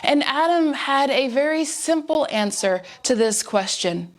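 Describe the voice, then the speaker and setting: A woman with a high voice tells church jokes one after another, unfolding each one as a little story. Now and then she pauses on a filler word before carrying on. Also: expressive. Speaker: joke teller at a church service.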